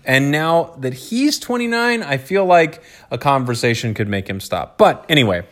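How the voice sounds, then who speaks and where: A man's voice: a little high, very animated, normal speed, a bit bright. A man in his thirties co-hosting a casual podcast, joking and self-aware and slipping into playful voices. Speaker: podcast co-host. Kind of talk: casual chat, reading a listener letter.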